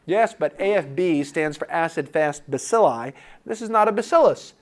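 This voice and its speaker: A man lecturing for a medical board exam review, animated and playing out imagined student replies. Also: a little high, moderate pace.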